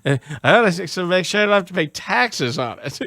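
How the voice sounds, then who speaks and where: A male sports radio host whose voice swings widely in pitch as he jokes and rants. He sits slightly high and sounds dry and close to the mic. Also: a little fast, dry recording. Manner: animated, jokey, rising to shouts of disbelief.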